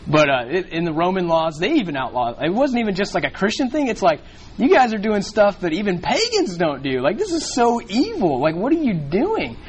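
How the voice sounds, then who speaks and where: A man's voice: a little high, a little hiss or hum, poor audio. A man leading a casual bible study, talking in a rambling way with many restarts and fillers.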